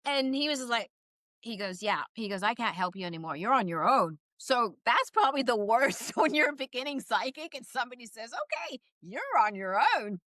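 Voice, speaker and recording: A woman guest, a psychic medium, telling stories in a casual interview and acting out quoted voices with quick laughs. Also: a little high, very animated, bright, forceful tone, no echo.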